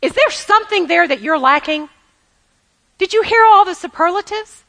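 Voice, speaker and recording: A women's ministry speaker preaches to a female audience in a very high-pitched, sharp, animated voice at a moderate pace. She is emphatic and repetitive, repeating key phrases and having the women say lines back to her. Now and then she laughs mid-sermon.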